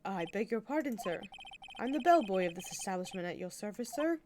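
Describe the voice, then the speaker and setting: A woman's voice: medium pitch, lively intonation, fairly quick, background noise, close to an everyday voice. Woman putting on a prim, servile hotel bellboy. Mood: prim formal. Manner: formal, servile, says "sir" constantly. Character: overly polite male hotel bellboy.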